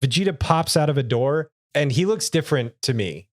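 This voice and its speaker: A man's voice: a little high, animated, fairly quick, no echo, clean studio sound. A man co-hosting a podcast, casually retelling episodes and laughing often. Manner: laughs often, retells scenes with quoted lines. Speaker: podcast co-host. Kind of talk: casual recap chat.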